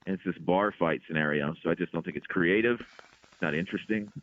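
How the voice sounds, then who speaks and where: A man, a comedian being interviewed, telling stories in an exasperated, animated way. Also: low voice, brisk. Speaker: comedian guest. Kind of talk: casual interview chat. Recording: tinny phone-like line.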